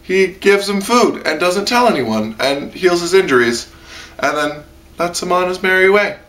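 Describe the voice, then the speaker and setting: A man's voice: animated, normal speed, a bit bright. A man giving a casual spoken anime review, rambling with lots of fillers. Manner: rambling, heavy on fillers, jumps into high-pitched mock quotes.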